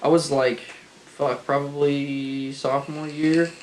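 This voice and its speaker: A man's voice: a little high, flat delivery, takes it slowly, reverberant, slight background noise, poor audio. A man co-hosting a casual podcast, reacting with laughs and short quips. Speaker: podcast co-host. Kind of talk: casual chat.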